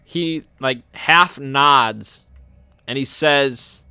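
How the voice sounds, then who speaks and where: A man's voice: mid-range voice, very slow, sharp tone, clear, resonant tone, no room sound. A man hosting his channel, telling a rambling, amused anecdote in a casual way. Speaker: channel host. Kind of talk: casual storytelling.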